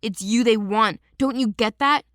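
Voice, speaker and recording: A woman's voice: on the high side, a little slow, fairly bright tone, no room sound, clean studio sound. A woman voicing a protective young male shifter in an audiobook, speaking curtly and urgently. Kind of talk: audiobook character reading.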